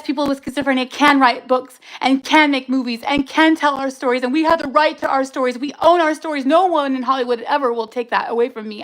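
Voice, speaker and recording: A woman's voice: high voice, a bit bright, rough recording. A woman speaking on a livestream, giving an emotional personal testimony, angry and raw, cursing and talking in bursts. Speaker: livestream host.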